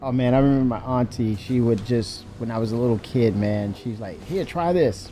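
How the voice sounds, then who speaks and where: A man in casual live-stream chat, animated and laughing as he talks to his chat. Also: mid-range voice, brisk, slight background noise.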